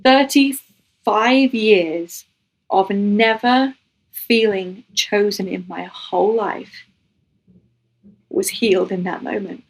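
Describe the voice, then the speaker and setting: A woman's voice: medium pitch, slow, creaky, long pauses, low-quality recording. A woman giving a personal faith testimony as a guest, telling her story in an earnest, emotional way and acting out what was said.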